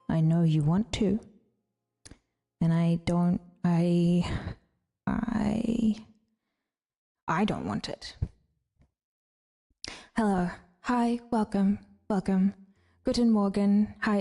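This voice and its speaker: A woman's voice: mid-range voice, steady tone, slow pace, pauses often, soft background music. A woman chatting casually on a stream, rambling and sometimes dropping into a whisper. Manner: rambling, slips into hushed whispers.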